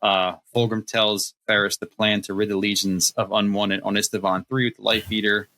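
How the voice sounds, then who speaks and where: A man's voice: fairly low pitch, flat delivery, moderate pace, pushed and bright, poor audio. A man co-hosting a podcast, retelling a novel's scenes in loose casual chat and acting out the quotes with plenty of laughter. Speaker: podcast co-host.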